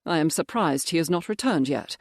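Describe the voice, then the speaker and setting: A grim, steady gentleman presses his questions without letting up, as the narrator reads him. The delivery stays controlled and firm. The sound is close and dry. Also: medium pitch, a little fast, dry recording. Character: grim, determined male baronet and major.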